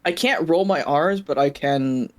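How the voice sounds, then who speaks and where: A man playing in a tabletop game on a stream, talking casually and haltingly. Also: fairly high pitch. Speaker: tabletop player. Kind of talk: casual chat.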